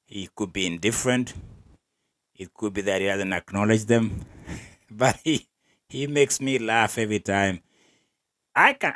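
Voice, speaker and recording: A man's voice: on the low side, pushed and bright. A man hosting an athletics podcast, giving wry, opinionated commentary and laughing between remarks. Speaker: podcast host.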